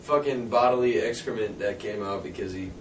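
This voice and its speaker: A man co-hosting a casual podcast, talking in a profane, animated way. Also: lowish voice, brisk, a crowd in the background. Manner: profane, animated retelling with acted quotes. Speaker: podcast co-host. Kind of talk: casual chat. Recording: echoey room, far from mic, faint noise.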